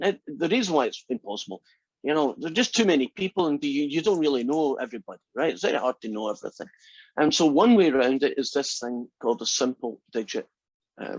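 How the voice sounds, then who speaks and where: A male instructor lecturing to a class in a chatty, joking way. His voice is a little husky, and the recording sounds dry and dull, like lo-fi classroom audio. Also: medium pitch, no room sound. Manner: chatty, tells jokes with asides. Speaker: math instructor.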